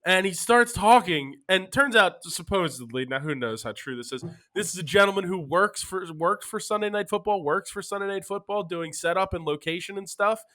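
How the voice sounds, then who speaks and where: A man's voice: high voice, lively intonation, moderate pace, hardly any pauses, sharp tone. A young man from Philadelphia hosting a casual sports betting podcast, easygoing and passing the talk around. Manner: easygoing, hands off to co-hosts. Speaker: podcast host.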